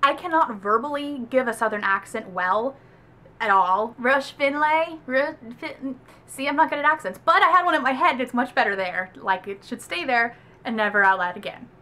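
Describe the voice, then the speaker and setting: Bright-voiced chatty woman. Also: a little high, a little fast. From American South. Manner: chatty, animated, heavy use of "like". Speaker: book reviewer. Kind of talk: casual book review vlog.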